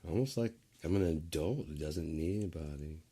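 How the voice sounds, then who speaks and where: A man's voice: very deep voice, a little fast, warm tone, husky. A man rambling casually on a stream, drawling and profane, with sentences that trail off and restart.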